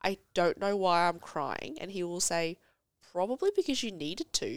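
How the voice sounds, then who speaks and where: A woman's voice: lowish voice, big pitch swings, normal speed, dry recording, studio quality. A woman in her thirties, a podcast guest chatting casually and telling stories with laughter and expression. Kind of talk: casual chat.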